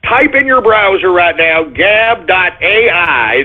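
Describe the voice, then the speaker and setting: A man hosting a talk radio show, ranting loudly with shouted bursts and drawn-out emphasis on key words. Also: high-pitched, lively intonation. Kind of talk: ranting internet radio monologue. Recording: tinny phone-like radio stream.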